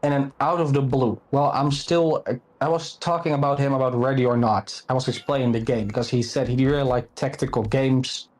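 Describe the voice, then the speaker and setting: A man with a Dutch accent chats on a live stream, telling stories in a loose, rambling way. His voice sits at an ordinary middle pitch. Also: fairly even intonation, brisk, few pauses. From Netherlands. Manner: rambling anecdotal storyteller. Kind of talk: casual storytelling on stream.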